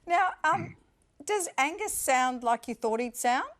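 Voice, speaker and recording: A woman's voice: high-pitched, expressive, fairly bright tone. A middle-aged woman host from Queensland with an Australian accent, chatting on the radio in a playful, teasing way. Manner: playful, teasing, quick to laugh. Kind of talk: casual radio chat.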